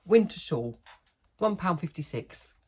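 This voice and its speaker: A woman's voice: fairly low pitch, expressive, a little slow, slight background noise. A middle-aged woman, chatting casually and rambling in a haul vlog, laughing often. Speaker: haul vlogger.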